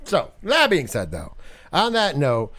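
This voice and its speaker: A man hosting a podcast in casual chat, animated and profane, rambling with restarts. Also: on the high side, measured pace. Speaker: podcast host.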